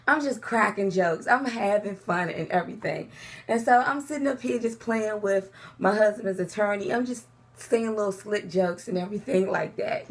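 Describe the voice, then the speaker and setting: A woman telling a personal story in casual vlog style, animated and laughing often. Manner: animated storytelling, laughs often, jumps into high pitch for quoted lines. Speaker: vlogger.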